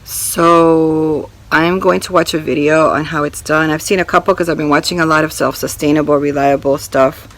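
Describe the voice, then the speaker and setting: A woman's voice: deep voice, fairly even intonation, moderate pace, few pauses, rough recording. Woman vlogging outdoors on her homestead. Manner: confiding, talks to viewers while walking outdoors. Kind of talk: casual vlog to camera. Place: outdoors on a rural property by a chicken coop.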